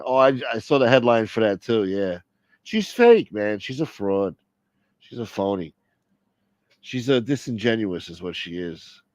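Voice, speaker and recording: Low-voiced man ranting on a live stream. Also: darkish tone, no echo. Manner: rambling, profane, opinionated. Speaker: livestream host. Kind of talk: casual live-stream chat.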